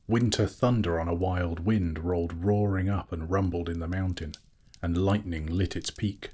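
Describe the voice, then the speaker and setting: A man reads a fantasy novel aloud in a steady storytelling manner. His voice is very deep and noticeably husky. The delivery is scripted narration throughout. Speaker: audiobook narrator.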